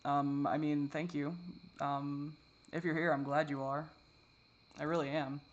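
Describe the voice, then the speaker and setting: A man talking in a confessional vlog, halting and repetitive, swearing often, and shifting between distress and soft, wry self-deprecation. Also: a little high, flat delivery, lo-fi sound. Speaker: vlogger.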